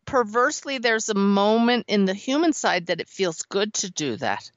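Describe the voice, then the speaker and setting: A woman hosting an interview show, expressive and quick to laugh. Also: medium pitch, dry recording. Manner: expressive, laughs often, warmly enthusiastic. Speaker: podcast host. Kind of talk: interview conversation. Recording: slightly dull, dry sound.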